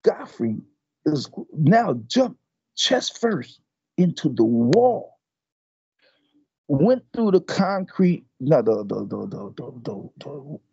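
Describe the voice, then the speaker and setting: Gravelly older man telling a story. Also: a little high, takes it slowly, dry recording, muffled recording. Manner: animated storyteller, restarts and repeats words. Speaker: martial arts master. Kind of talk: storytelling interview.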